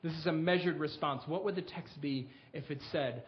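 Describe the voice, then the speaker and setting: High-voiced preacher man, lo-fi. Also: moderate pace, slight background noise. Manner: reads scripture aloud with rising emphasis; earnest, direct address to congregation. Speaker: pastor. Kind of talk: sermon.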